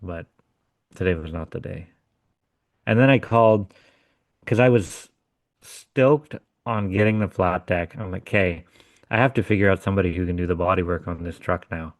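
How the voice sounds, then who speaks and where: A man with a very low voice tells a story in casual podcast chat. He swears freely and talks bluntly. The recording is dry and close. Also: moderate pace, long pauses, no echo. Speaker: podcast co-host.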